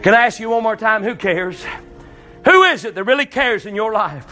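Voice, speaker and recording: A man preaching an altar call sermon in a church, fervent and folksy, rising into shouts. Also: high-pitched, expressive, normal speed, soft background music. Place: church service.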